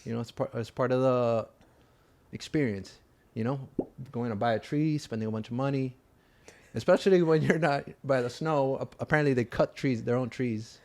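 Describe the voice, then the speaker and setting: A man's voice: mid-range voice, moderate pace, a little mellow. Casual podcast co-host, man, talks in loose, looping restarts. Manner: rambling, self-interrupting, gets emotional. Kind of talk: casual chat.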